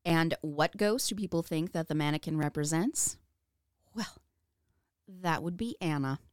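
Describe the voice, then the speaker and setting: Low-voiced woman reading history notes. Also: unhurried, clean tone, dry recording, clean studio sound. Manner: laughs often, reads notes with asides. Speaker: podcast co-host. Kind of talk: casual chat, reading researched history.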